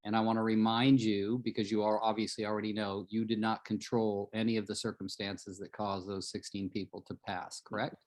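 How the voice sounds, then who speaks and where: A man's voice: on the low side, level tone, brisk, hardly any pauses, a little mellow. A man coaching on a live call, earnest and emphatic in a motivational way. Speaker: real estate coach.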